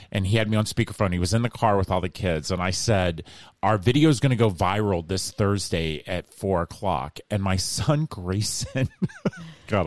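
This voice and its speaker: A middle-aged man, a guest in a casual interview, telling a story in an animated way and acting out the voices of the people he quotes. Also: low-pitched, no room sound.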